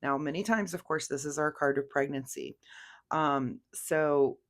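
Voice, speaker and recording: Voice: medium pitch, a little slow. A tarot reader giving a casual weekly reading, rambling and chatty, with many fillers.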